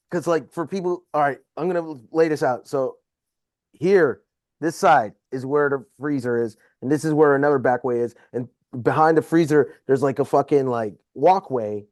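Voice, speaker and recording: A man's voice: fairly high pitch, normal speed, darkish tone, no room sound. Man chatting casually on a dry mic. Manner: profane, rambling. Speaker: podcast guest. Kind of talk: casual chat.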